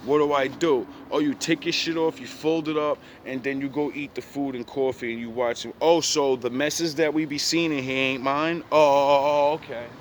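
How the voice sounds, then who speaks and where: A man's voice: medium pitch, fairly even intonation, moderate pace, few pauses, slight background noise. A young man bluntly retelling a past relationship in profane street slang, casual storytelling.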